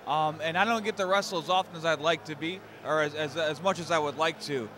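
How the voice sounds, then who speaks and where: A man's voice: fairly high pitch, fast, pushed and bright. A man in his thirties, a pro wrestler answering interview questions in a friendly, chatty way. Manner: friendly and chatty, repeats words and says "man" often. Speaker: professional wrestler guest. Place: outdoors at a busy fan convention. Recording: crowd noise behind.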